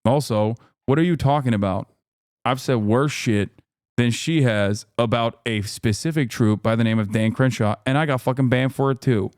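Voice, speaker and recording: A man's voice: mid-range voice, moderate pace, a little mellow, smooth, no room sound, studio quality. A man hosting a livestream, reading chat aloud and ranting in a heated, profane, exasperated way. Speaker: livestream host.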